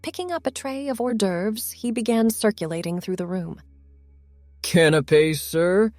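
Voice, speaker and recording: A woman reading a story in calm, scripted narration. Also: on the high side, moderate pace, dry recording.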